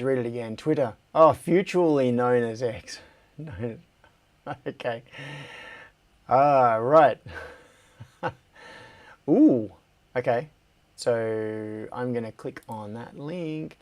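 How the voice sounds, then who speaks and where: An Australian man hosts a relaxed livestream from his workshop, reading viewer comments aloud between his own musings. He speaks slowly at a middle pitch, often trailing off mid-sentence and laughing to himself. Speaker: livestream host.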